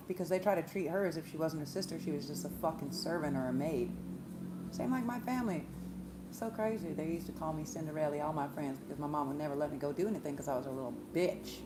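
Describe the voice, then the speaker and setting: A woman, a spiritual reader, retelling a story in a profane, animated monologue. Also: low-pitched, fast, noisy background. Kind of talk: casual monologue vlog.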